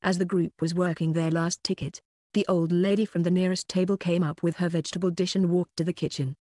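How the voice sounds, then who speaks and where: An audiobook narrator working through a web novel in an even, unhurried reading. The voice sits mid-pitch and the recording is dry and close, with no room sound. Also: dry recording.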